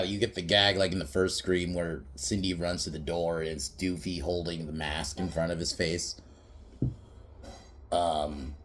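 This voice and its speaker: A man's voice: low voice, a little hiss or hum. A man casually recapping a comedy film on a podcast, rambling with lots of fillers, swearing freely and laughing often. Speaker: podcast movie reviewer.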